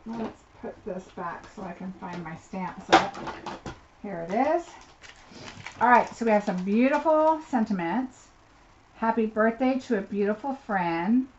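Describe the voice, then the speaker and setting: A woman's voice: medium pitch, animated, measured pace. A woman giving a live card-making tutorial, chatting and thinking aloud as she works at her desk. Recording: slightly dull audio with faint noise.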